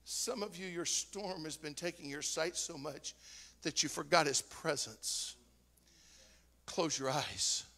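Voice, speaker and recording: A man, preaching a sermon as a guest speaker, telling stories with animation and rising to shouts. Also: fairly high pitch, a little slow, gravelly, in a large hall. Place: church sanctuary.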